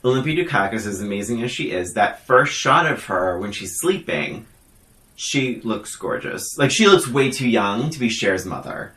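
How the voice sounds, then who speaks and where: A man's voice: fairly low pitch, normal speed. A man co-hosting a podcast in casual chat, animatedly retelling film scenes and acting out lines. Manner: animated storyteller who acts out movie lines. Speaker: podcast co-host. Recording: echoey room.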